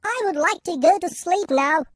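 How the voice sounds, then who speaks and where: A woman's voice: very high-pitched, normal speed, dry recording, studio quality. A woman voicing a fussy, spoiled male town mouse in a cartoon who complains and whines. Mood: whiny. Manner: whiny, complaining. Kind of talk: animated cartoon voice acting.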